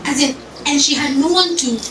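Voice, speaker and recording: Animated woman speaker, echoey hall. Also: high voice, a little fast. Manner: animated, storytelling, code-switches into Swahili. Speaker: event panel speaker. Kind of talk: lively panel talk with audience interaction. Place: event hall with audience. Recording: echoey room from far off, noisy.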